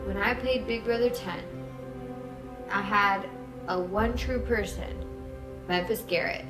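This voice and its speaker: A woman voicing a solemn, scheming man in a tipsy comic retelling, speaking in a grave, deliberate way. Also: mid-range voice, echoey room, over music, lightly acted.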